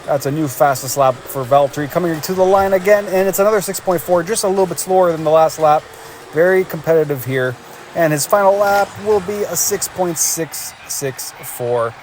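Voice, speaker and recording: A man giving energetic play-by-play commentary on a race as the show's host, calling lap times and cheering the drivers on. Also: a little high, moderate pace, a little hiss or hum.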